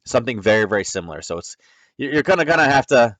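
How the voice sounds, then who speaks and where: A man's voice: mid-range voice, very animated, fast, a bit bright, dry recording. A man hosting a casual trading lesson, talking through charts in a rambling, conversational way with many fillers and self-corrections. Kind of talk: casual screen-share lesson.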